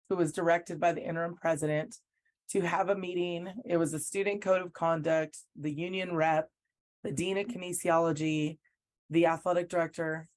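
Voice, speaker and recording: Low-voiced woman coach telling her story. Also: darkish tone. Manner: earnest storytelling that acts out what others said. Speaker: basketball coach, interview guest. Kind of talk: recounting events in an interview.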